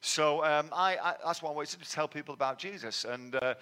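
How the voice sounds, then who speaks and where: Bright Mancunian preacher in a reverberant hall. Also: male voice, a little high, fairly quick, clear, resonant tone. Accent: Manchester English. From England, raised in Manchester. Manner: conversational, self-deprecating storyteller. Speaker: guest preacher. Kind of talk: sermon testimony.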